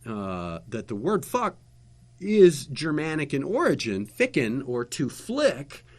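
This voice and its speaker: A man telling long anecdotes in a casual chat, rambling and animated with lots of fillers and restarts. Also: medium pitch, takes it slowly. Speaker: guest telling stories, former local TV interviewer.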